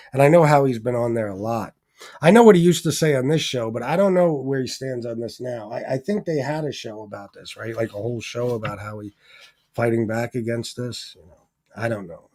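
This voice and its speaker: A man hosting a live stream in loose, unscripted commentary. He swears freely and circles back with plenty of fillers and restarts. His voice sits in a middling register and pushes up and gets more forceful when he gets worked up. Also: medium pitch. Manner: profane, rambling, lots of fillers and restarts; turns heated and emphatic when ranting. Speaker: livestream host reading viewer donations.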